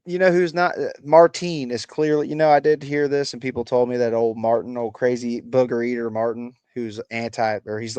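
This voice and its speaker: A man's voice: medium pitch, darkish tone, clear, resonant tone, no room sound. A man with a slight Appalachian country accent, hosting a casual livestream, reading chat aloud and answering with crude, sarcastic swearing.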